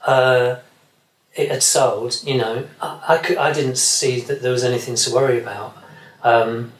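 Male guest, mid-pitched, meandering chat full of restarts; roomy echo. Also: steady tone, measured pace. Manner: rambling, many restarts and fillers. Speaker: session guitarist guest. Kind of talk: casual interview chat.

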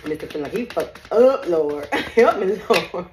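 Laughing, animated woman psychic reader. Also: lowish voice, measured pace, noisy background. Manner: laughs often, blunt and profane, talks straight to viewers. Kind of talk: casual spiritual reading chat. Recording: echoey room.

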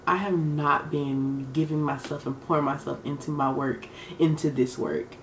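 Recorded on a camera mic in a room lit for filming, a young woman chats to camera for her beauty vlog in a deep voice, a little slowly. She's chatty, sassy, full of slang, and at times emotional. The audio is reverberant, with a little hiss or hum.

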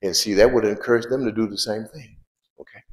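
A man with a low voice preaches to his congregation, repeating key lines and throwing out questions for them to answer. His grammar is loose and conversational. The sound carries the echo of a large church room. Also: fairly even intonation, a little fast, a little mellow. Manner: preaching with call-and-response questions and repetition; informal spoken grammar, drops verbs. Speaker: pastor. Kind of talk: sermon.

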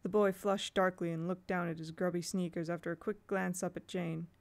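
A woman narrating a children's novel aloud at a steady, measured pace. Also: fairly low pitch. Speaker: audiobook reader. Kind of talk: storybook narration.

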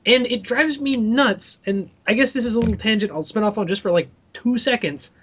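A young man with a notably high voice rants through a casual podcast chat. He talks animatedly and swears freely. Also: fairly quick, slightly rough. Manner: animated ranting with profanity. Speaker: podcast co-host.

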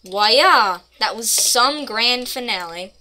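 A woman's voice: a little high, animated, slow pace, bright, forceful tone. Playful woman narrating her gameplay. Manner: playful, mock-dramatic narration, rambling asides. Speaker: gaming channel host. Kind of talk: casual gameplay commentary.

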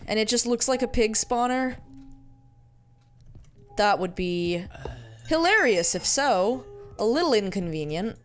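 A woman's voice: on the high side, lively intonation, unhurried, long pauses, faint music behind. A woman giving casual gameplay commentary, muttering to herself in a playful, easily amused way. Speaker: let's-play gamer.

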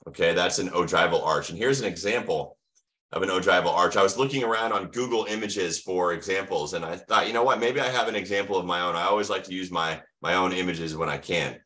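American guy teaching doctors over a video call, low voice, asks then answers. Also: quick pace, sharp tone. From United States. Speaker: medical lecturer. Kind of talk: online lecture with slides.

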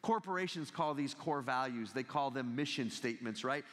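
A man in his thirties giving a humorous talk as a guest speaker, telling stories in an animated way and laughing often. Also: mid-range voice, moderate pace. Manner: animated storytelling with frequent laughter. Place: large university lecture hall. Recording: long hall reverb.

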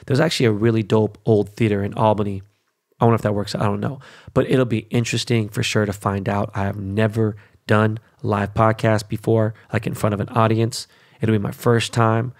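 A middle-aged podcast host from Los Angeles with a gravelly, fry-edged voice. He talks bluntly and swears freely, breaking into animated rants in a loose, casual monologue. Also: lowish voice, brisk.

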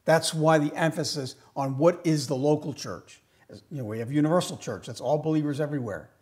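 A pastor delivering a sermon in a fairly high man's voice. He swings from loud, emphatic lines to quiet asides. He slows right down to stress key phrases.

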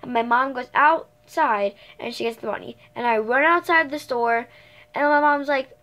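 A teenage girl telling stories to her viewers in a loose, rambling way. She fills gaps with fillers and keeps correcting herself. Her voice sits a little high for her age. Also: normal speed, fairly bright tone. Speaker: vlogger. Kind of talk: casual storytime chat.

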